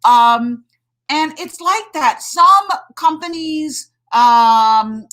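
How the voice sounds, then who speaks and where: A woman's voice: sits high, expressive, very slow, fairly bright tone, low-quality recording. A middle-aged woman doctor and hormone coach talking emphatically on a live stream, greeting viewers and saying "friggin'" a lot.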